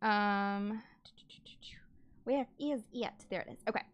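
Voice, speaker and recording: A woman's voice: medium pitch, takes it slowly, no room sound. A woman playing a tabletop game, describing her character in a chatty way with many fillers. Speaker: player.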